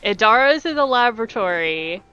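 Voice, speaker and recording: Woman game master, bright tone, narrates at a deliberate pace over a lo-fi stream line. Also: a little high, expressive, clean tone. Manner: unhurried, thinking aloud. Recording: dull lo-fi stream audio.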